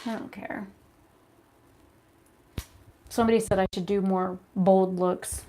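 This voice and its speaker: A woman chatting to a phone camera at home, rambling and animated as she tells stories between makeup steps. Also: mid-range voice, takes it slowly, a little hiss or hum. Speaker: beauty vlogger. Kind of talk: casual chat while doing makeup. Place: her home, indoors. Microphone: phone camera at arm's length.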